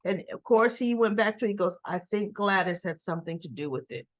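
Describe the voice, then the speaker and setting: A woman's voice: mid-range voice, lively intonation, fairly quick, dull audio. A woman casually recapping a soap opera episode, chatting through the scenes and retelling who said what. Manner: chatty, retells scenes with "she goes" quotes.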